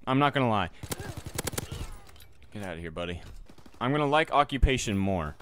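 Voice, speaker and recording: Over his own gameplay, a young gaming YouTuber chats casually, joking and muttering to himself and his viewers, with sudden yelps. His voice is lowish, animated and a bit bright at normal speed, with a little hiss or hum in the recording.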